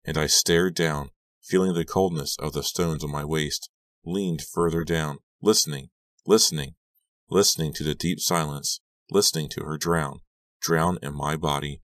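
A man narrating a horror audiobook in a measured, tense reading. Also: very deep voice, fairly even intonation, fairly bright tone, dry recording, clean studio sound.

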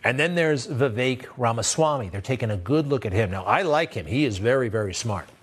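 A man's voice: mid-range voice, animated, a little fast, husky. A man hosting a news show, giving blunt, sarcastic political commentary in a conversational way. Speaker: host.

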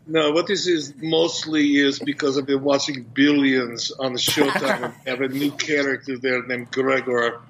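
A man being interviewed as a guest, talking in a measured, businesslike way over a phone line. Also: mid-range voice, flat delivery, fairly bright tone, slight background noise. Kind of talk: casual interview.

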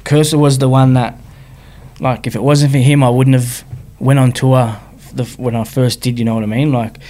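An Australian rapper from Sydney, appearing as an interview guest, frankly tells his personal story in slangy speech, often adding "you know what I mean." His medium-pitched voice is mellow, with a flat delivery and moderate pace.

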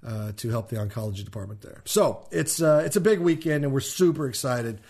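A man's voice: medium pitch, lively intonation, brisk, vocal fry, darkish tone. Male podcast co-host, casual, rambling delivery full of fillers. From Kansas City, USA. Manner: rambling, frequent ums and restarts. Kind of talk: casual chat.

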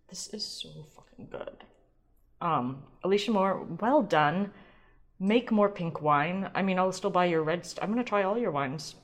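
A woman hosting a wine podcast alone at home, talking in a chatty, rambling, self-deprecating way, swearing now and then as she gushes. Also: mid-range voice. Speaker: podcast host. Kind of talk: casual solo wine podcast chat. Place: home kitchen.

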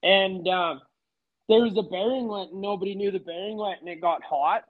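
High-voiced man telling a story. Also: normal speed, phone-quality sound. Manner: laid-back storyteller, swears freely. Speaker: podcast guest. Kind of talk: casual chat.

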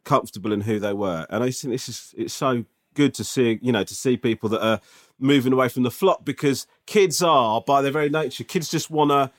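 A man in his forties co-hosting a casual podcast, telling animated, self-mocking stories. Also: mid-range voice, brisk. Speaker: podcast co-host. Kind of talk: casual chat.

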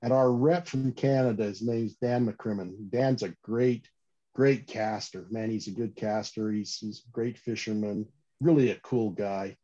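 A man telling stories about fishing rods in a casual interview, animated and full of restarts and "you know". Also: on the low side, unhurried. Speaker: fishing gear company guest. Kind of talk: casual podcast interview storytelling. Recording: slightly dull lo-fi audio.

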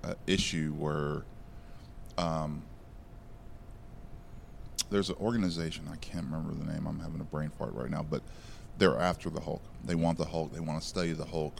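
A man's voice: a bass voice, fairly even intonation, normal speed, creaky, a little hiss or hum. A man co-hosting a podcast, recapping a comic in casual chat with many fillers and restarts. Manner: rambling, filler-heavy recapping. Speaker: podcast co-host.

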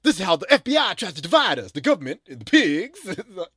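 A laid-back man talks over a film with a friend, chuckling through his points. His pitch jumps up and down freely, sitting a touch high, and the sound is dry and close. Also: very animated, fast, fairly bright tone, breathy edge, no echo. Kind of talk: casual chat about a film.

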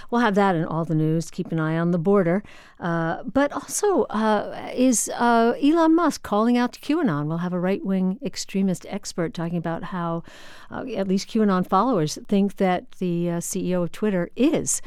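A woman radio host chatting on air in an animated way, with plenty of fillers. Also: medium pitch, normal speed, clear, resonant tone, dry recording, studio quality. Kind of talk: casual on-air chat.

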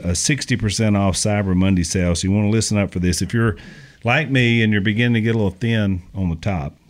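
A man hosting a podcast in casual chat, reading an ad in a relaxed, chatty way with fillers. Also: fairly low pitch. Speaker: podcast host reading ads.

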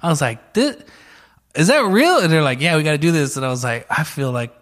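Man spinning a profane, animated story in casual chat, voicing the people in it. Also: fairly high pitch, fast talker. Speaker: guest telling a story.

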